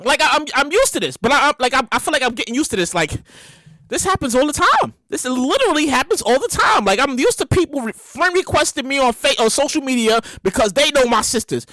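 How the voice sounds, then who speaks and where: A woman in her late thirties with a Brooklyn accent hosting a solo comedy podcast, loud and animated, exclaiming and repeating herself. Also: high voice, fast talker, dry recording. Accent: New York, Brooklyn. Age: late 30s. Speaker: podcast host. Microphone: studio microphone.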